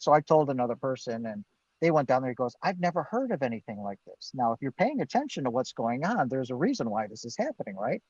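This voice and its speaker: A man's voice: medium pitch, big pitch swings, fast talker, darkish tone, husky, no echo. A man, a guest on a live Q&A, telling his own story with animation, acting out what he and others said and laughing now and then. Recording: dull, dry lo-fi stream audio.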